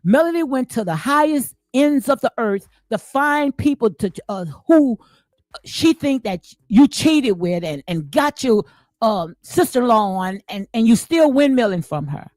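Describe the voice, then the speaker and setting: Blunt, preachy woman with a high voice. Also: animated, a little slow, darkish tone, dry recording. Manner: blunt, preachy, repeats herself, slangy. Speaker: commentary channel host. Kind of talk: casual reaction commentary.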